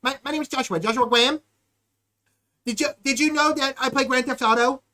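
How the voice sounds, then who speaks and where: A man putting on the voice of a halting, stammering young man who repeats himself in a childlike way. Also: very high-pitched, steady tone, sharp tone. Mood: mocking. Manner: repetitive, stumbling, childlike.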